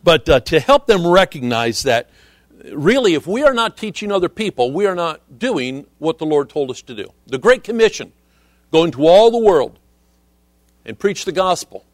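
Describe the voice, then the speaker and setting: Man, middle-aged, sermon, earnest and measured, fairly high voice, dry sound. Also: very animated, dry recording. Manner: earnest, measured preaching with scripture quotes. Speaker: missionary preacher.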